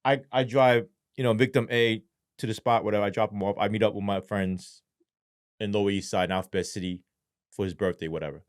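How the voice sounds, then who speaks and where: Profane storytelling man, casual and animated. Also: on the low side, a little fast. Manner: profane, animated retelling with acted-out quotes. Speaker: interview guest, former police sergeant.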